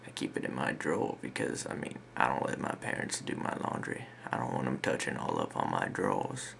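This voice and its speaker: A young man telling comic stories about his parents in a deadpan, laid-back, crude way. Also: extremely low pitch, a little fast, a little hiss or hum. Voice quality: gravelly. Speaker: comedy vlogger. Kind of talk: comedic storytelling.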